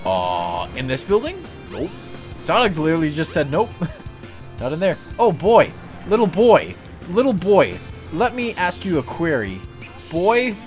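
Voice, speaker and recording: A jokey male streamer chats over his gameplay in casual commentary, his pitch swinging widely. He takes his time, with game music playing clearly behind him. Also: wildly swooping pitch, measured pace. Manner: playful, jokey, laughs often.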